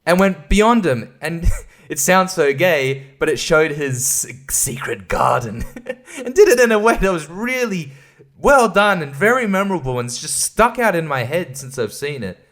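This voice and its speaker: A man's fairly high, slightly bright voice moves a little slowly but with lively intonation. Hosting a podcast, he gives a casual, profane film review rant, rambling, exasperated, stumbling, and laughing between thoughts.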